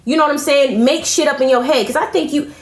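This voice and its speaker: A woman with a high voice speaks at a quick pace, ranting heatedly on a live stream. She confronts other commentators with heavy profanity and lots of repetition. The recording has an echoey room sound.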